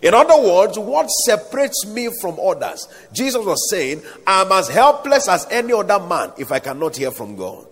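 A man's voice: sits high, sing-song, normal speed, hardly any pauses, a bit bright, breathy edge. A man preaching a sermon, reciting scripture and calling the congregation to answer back. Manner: dramatic, call-and-response preaching with scripture recitation. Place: large hall or outdoor gathering. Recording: echoey hall reverb.

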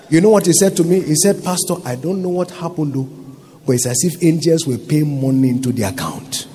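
A man's voice: fairly high pitch, fairly quick, dark tone. A Nigerian man preaching a sermon as pastor, emphatic and full of rhetorical questions to his congregation.

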